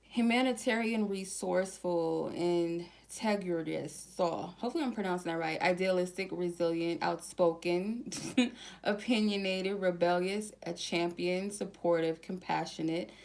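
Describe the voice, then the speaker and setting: A woman's voice: on the low side, creaky, darkish tone. Chatty woman giving a tarot reading. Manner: chatty and slangy, reads card keywords slowly one by one. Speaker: tarot reader. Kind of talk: casual tarot reading for viewers.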